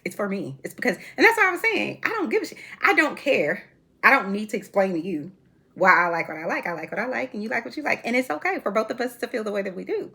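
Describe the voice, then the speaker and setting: A woman in her forties talks straight to her viewers about celebrity gossip in a casual, sassy way, laughing as she goes. Her voice is slightly husky and her pitch jumps up and down with a lot of life. She sounds relaxed and opinionated. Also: quick pace. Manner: animated, sassy, laughs often. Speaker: reality TV commentary host. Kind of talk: casual chat.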